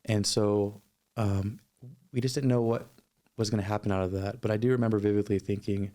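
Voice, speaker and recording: Measured man with a flat, dark voice. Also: fairly low pitch. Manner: measured, thoughtful, sincere. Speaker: podcast guest. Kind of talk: personal storytelling chat.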